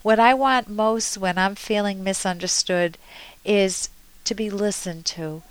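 A woman's voice: mid-range voice, steady tone, unhurried, a little hiss or hum, rough recording. A woman radio therapist hosting a call-in show, earnestly coaching a caller with spoken examples.

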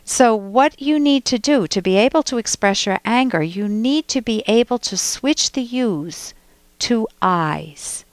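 A woman's voice: fairly high pitch, animated, unhurried, no room sound. A woman hosting a radio call-in show as a clinical psychologist, giving direct, emphatic advice with pointed rhetorical questions, on a close studio mic.

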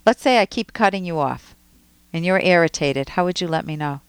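A woman's voice: lowish voice, expressive, a little fast, clear, resonant tone, no room sound. A woman hosting a call-in advice show as a psychologist, coaching a caller with probing questions. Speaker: radio psychologist host.

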